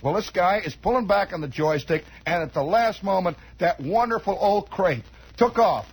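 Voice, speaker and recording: A man's voice: high voice, expressive, moderate pace, music in the background, rough recording. A man telling a long, rambling comic story, chatty and digressive, full of asides and restarts.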